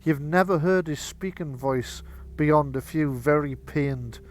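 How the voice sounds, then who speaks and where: A man as game master narrating a tabletop game in a relaxed, chatty way. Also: on the high side, a little slow, a little hiss or hum. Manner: relaxed, chatty, laughs easily.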